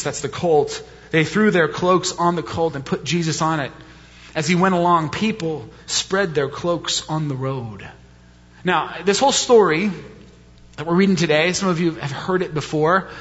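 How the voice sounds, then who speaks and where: A man with a high voice preaches a sermon in a conversational, questioning way and drives his points home by repeating them. His voice rings with long reverb through a church sanctuary. The sound is dull and lo-fi. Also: bright, forceful tone. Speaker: pastor.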